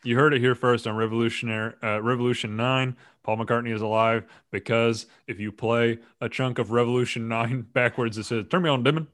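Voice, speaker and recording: A man's voice: mid-range voice, little pitch movement, brisk, few pauses, fairly bright tone. Jokey rambling male podcast host. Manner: rambling and jokey, laughs often. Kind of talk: casual podcast chat.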